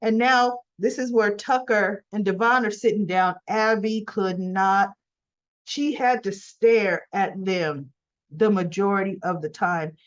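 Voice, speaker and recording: A woman's voice: medium pitch, a little slow. A woman casually retelling a soap episode in a chatty way with frequent asides, in a dull lo-fi recording. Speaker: soap opera recap vlogger.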